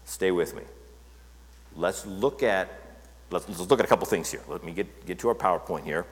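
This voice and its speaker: A man preaching a sermon from the pulpit of a church, his voice sitting a little low. He talks conversationally and keeps checking in with the congregation. His words trail off into the long reverb of a large hall. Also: normal speed. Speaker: pastor.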